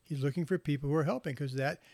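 A man giving a reflective talk, telling moral stories gently and unhurriedly, with pauses and small restarts. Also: on the high side, dry recording. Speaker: speaker sharing moral stories.

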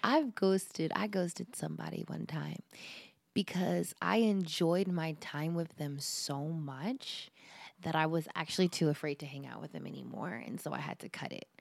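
A woman co-hosting a podcast, chatting casually and animatedly, laughing and thinking out loud. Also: sits low, normal speed, creaky, dry recording. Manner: animated, laughs often, muses aloud. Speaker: podcast co-host. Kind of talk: casual chat.

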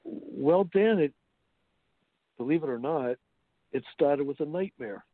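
A man being interviewed as an author, speaking haltingly with many restarts. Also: fairly high pitch, animated, dry recording. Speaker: author guest. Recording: tinny phone-like line, dry.

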